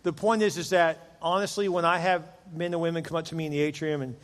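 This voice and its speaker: A man's voice: fairly high pitch, steady tone, fast talker. A middle-aged man preaching a sermon to a large church congregation, casual and joking in tone. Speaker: pastor. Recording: long hall reverb.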